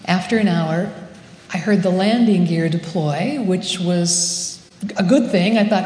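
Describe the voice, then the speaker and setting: Woman pastor, gentle humorous sermon delivery, warm and unhurried, roomy church sound. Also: lowish voice, a little hiss or hum. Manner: slow, measured storytelling with gentle humor. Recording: echoey hall with long reverb.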